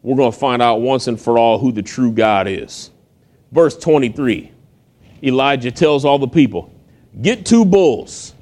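A man preaching a sermon, retelling a Bible story in lively, conversational storytelling and acting out the characters' voices. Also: medium pitch. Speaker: pastor.

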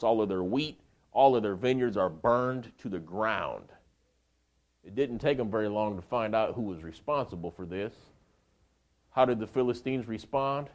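A man preaching a sermon, retelling a story in a colloquial, animated way and speaking directly to the men in the congregation. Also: medium pitch.

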